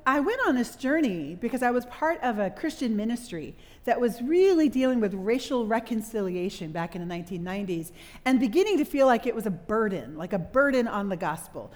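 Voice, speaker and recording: A middle-aged woman with a voice on the high side preaches a sermon to a live audience, telling a story with animated delivery and quizzing her listeners. The recording carries long hall reverb.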